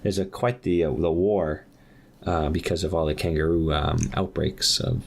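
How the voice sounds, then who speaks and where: A man co-hosting a podcast, rambling through an improvised comic story with deadpan asides. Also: a bass voice, moderate pace, creaky.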